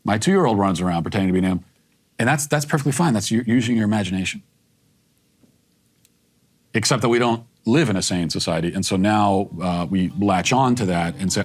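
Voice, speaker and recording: A man's voice: fairly low pitch, fairly quick. A man co-hosting a casual discussion, talking reflectively and restarting his sentences at times.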